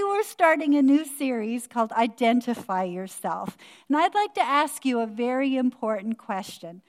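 An older woman pastor delivering a sermon in a measured, earnest manner. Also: a little high, sing-song.

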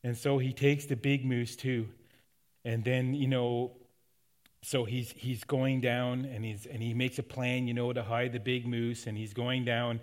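Middle-aged Canadian male pastor, mid-pitched, storytelling sermon delivery with easy restarts. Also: little pitch movement, a little slow. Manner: conversational, folksy storytelling with restarts. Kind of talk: sermon with personal stories.

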